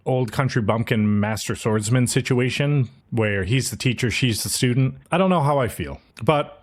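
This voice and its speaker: A man's voice: mid-range voice, normal speed. A young man co-hosting a podcast, casually recapping an anime episode and briefly voicing the characters as he retells scenes. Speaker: podcast co-host.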